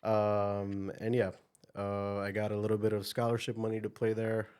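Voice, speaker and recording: Clear and resonant, the young Indian man's lowish voice moves at a moderate pace as he guests on a podcast in a casual interview. He speaks with an Indian accent, telling his story energetically and upbeat, with a good number of fillers.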